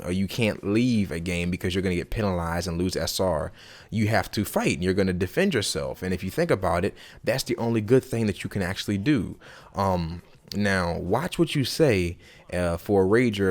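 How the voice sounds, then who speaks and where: A man hosting a gaming video who gives casual, emphatic advice straight to his viewers, repeating his points and calling them y'all. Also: low-pitched. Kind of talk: casual advice vlog to camera.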